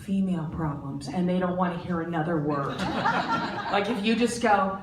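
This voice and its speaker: A woman in her forties doing a stand-up comedy set, animated and lively, jumping into loud, high voices for the people in her stories. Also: unhurried. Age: 40s. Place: art center stage. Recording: roomy, distant, faint background noise.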